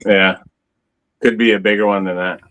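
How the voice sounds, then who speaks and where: Laid-back fishing host guy, lowish voice, cusses casually, shows off his gear. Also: fairly even intonation, normal speed, fairly bright tone, smooth, low-quality recording. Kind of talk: casual fishing livestream chat.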